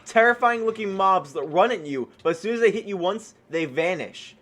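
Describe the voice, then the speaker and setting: A man giving excited gameplay commentary as a gaming YouTuber, excitable and often yelping in surprise. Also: high-pitched, moderate pace.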